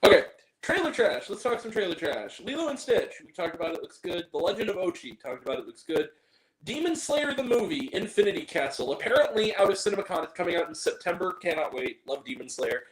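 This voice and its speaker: A man hosting a casual movie review show, talking in an animated, joking way with mock-angry rants. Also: sits high, fast talker, reverberant, poor audio.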